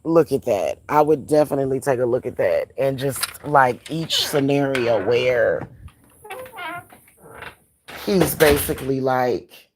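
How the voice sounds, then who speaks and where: Slow, blunt woman ranting to camera. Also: rumbling low, lively intonation, noisy background. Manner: blunt, profane, repeats phrases for emphasis. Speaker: spiritual reader and vlogger. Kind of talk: casual ranting monologue.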